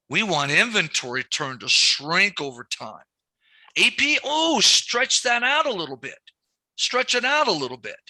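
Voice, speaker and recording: A man's voice: fairly high pitch, sharp tone, no room sound. A man teaching a lending class, repeating key points and telling stories from his banking days. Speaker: banking instructor. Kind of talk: classroom lecture.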